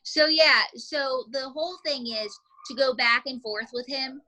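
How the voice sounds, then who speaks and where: A woman's voice: high voice, unhurried, sharp tone, poor audio. A woman ventriloquist giving chatty, demonstrative instruction in a casual lesson. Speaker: ventriloquism teacher.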